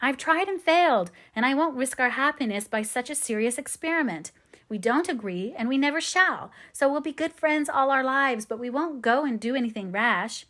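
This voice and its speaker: A woman's voice: high-pitched, lively intonation, normal speed, pitched above the performer's own voice. A woman voicing a spirited young woman who speaks earnestly and firmly in an audiobook reading. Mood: earnest, remorseful. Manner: earnest, gently firm.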